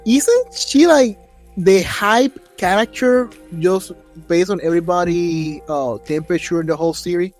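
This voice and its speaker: A man hosting a casual podcast interview, speaking haltingly with many fillers. His voice sits a bit high for a man. Faint music plays under the conversation. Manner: halting, hesitant, frequent fillers. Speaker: podcast host.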